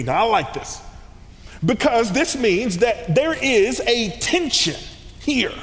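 High-voiced guy preaching, goes from whisper to shouting, slangy asides, long hall reverb. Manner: dynamic, swings from hushed to shouting. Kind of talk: sermon.

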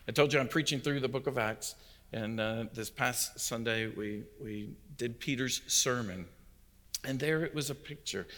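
A man's voice: on the low side, fairly bright tone. A man, a visiting pastor, delivering an emphatic sermon that swells and drops in intensity. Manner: emphatic preaching with rising and falling intensity. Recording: long hall reverb.

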